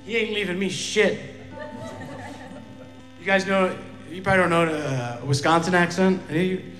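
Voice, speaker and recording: A man's voice: high voice, normal speed, fairly bright tone. A man doing a stand-up comedy set in a loose, profane, self-deprecating way, on a handheld stage mic in a live venue. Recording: echoey live club with reverb and faint music.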